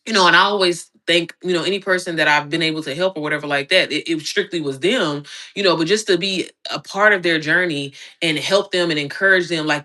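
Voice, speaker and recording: A young adult woman from Indianapolis, Indiana, giving a blunt, profane, fired-up livestream pep talk as an online business coach. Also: sharp tone. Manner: slides into high squeaky voices when mimicking others. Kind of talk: casual livestream rant.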